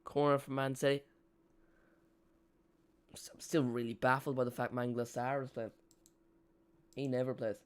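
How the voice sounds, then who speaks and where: A man's voice: mid-range voice, flat delivery, normal speed, long pauses, clean tone. A young man, hosting a live football watch-along in a chatty, self-mocking way. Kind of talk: casual live match commentary.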